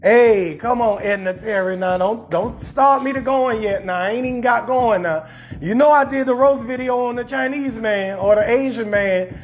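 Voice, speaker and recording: Hosting a live stream, this New Orleans comedian roasts someone at normal speed in a very high voice and a local New Orleans accent. The rant is loud and profane, breaking into shouts.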